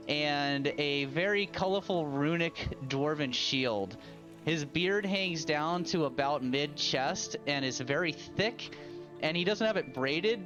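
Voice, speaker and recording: A man narrating a tabletop game as game master, unhurried and casual. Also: on the high side, lo-fi sound. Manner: unhurried, with many fillers and restarts.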